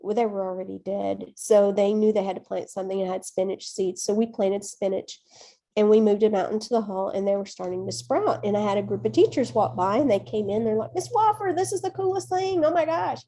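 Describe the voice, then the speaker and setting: A woman teacher presenting at a conference, telling classroom stories in a chatty, folksy, expressive way. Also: mid-range voice, a little fast. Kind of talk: animated classroom storytelling.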